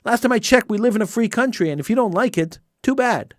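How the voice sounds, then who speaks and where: A man's voice: high-pitched, expressive, fast talker, no echo, studio quality. A middle-aged man hosting a call-in radio show, delivering an impassioned, indignant monologue with lots of repetition. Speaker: radio talk show host.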